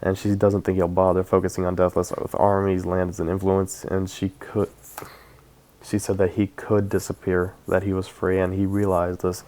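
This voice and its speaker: A man's voice: low-pitched, monotone, moderate pace, warm tone. A man casually retelling a book's plot, hesitant and with many fillers. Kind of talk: casual book synopsis narration.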